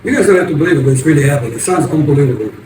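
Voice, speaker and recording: Sitting well back from the microphone, this older vlogger from the United States comes across distant and echoey over a constant hiss of background noise. His voice is slightly high for a man, and his casual story wanders, stalls and restarts again and again.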